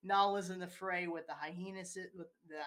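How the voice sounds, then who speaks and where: A woman's voice: on the low side, fairly even intonation, normal speed, fairly bright tone. A woman in casual conversation, walking through a film scene step by step and acting out its quoted lines.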